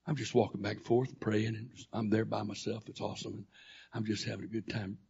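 A gravelly, very husky male pastor recounting a personal testimony from the pulpit. He tells it in an animated way and acts out the voices in the dialogue. The recording sounds dull and lo-fi. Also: fairly low pitch, fairly quick. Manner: animated storyteller acting out dialogue. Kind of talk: sermon testimony storytelling.

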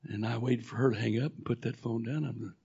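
A male pastor telling a personal testimony in a sermon, animated, acting out the dialogue as he goes. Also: medium pitch, fast. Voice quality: gravelly, husky. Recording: dull lo-fi recording.

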